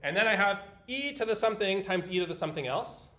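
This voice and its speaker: A man's voice: high voice, expressive, fast talker, sharp tone. A man lecturing a university class in a chatty, explanatory way, with fillers and restarts. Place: large lecture hall. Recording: echoey lecture hall.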